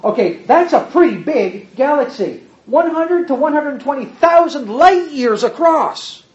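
Lively folksy preacher, dull lo-fi sound. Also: high voice, normal speed. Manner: folksy, talks to the congregation as "folks"; pointing at pictures while explaining. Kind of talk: sermon with slides.

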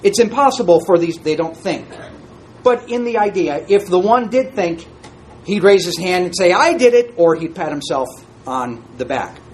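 A man's voice: high-pitched, lively intonation, normal speed, a little mellow, slight background noise. A man teaching an interactive Bible class, reading scripture aloud and asking the group questions in a conversational way.

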